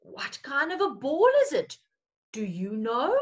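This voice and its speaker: A woman's voice: high-pitched, very animated, a little slow. A woman teacher, reading a picture story to young children in a playful, coaxing way.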